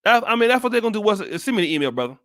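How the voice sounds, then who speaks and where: An American man from the United States races through blunt, profane commentary on a live stream, restarting often. His high voice swings widely in pitch and sounds pushed and bright. The casual livestream audio is studio quality with no echo.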